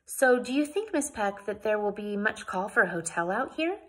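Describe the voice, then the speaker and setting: A woman reading aloud and voicing a genteel, cheerful pioneer lady who speaks formally and politely, with a breathy voice. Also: medium pitch, lively intonation, normal speed, lightly acted. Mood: gracious.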